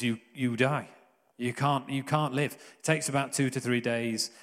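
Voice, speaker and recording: A man preaching in an earnest, conversational way, with jokey asides. His voice sits at an ordinary middle pitch. It rings with the long reverb of a church hall. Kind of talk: sermon.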